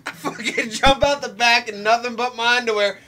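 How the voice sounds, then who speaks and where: A man's voice: extremely high pitch, fairly even intonation, fairly quick, heavy background noise. A young man from Ohio bantering while playing a game, swearing and cutting in on his friend. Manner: profane, interrupting, laughing it off. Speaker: let's play co-host. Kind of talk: casual banter during a game.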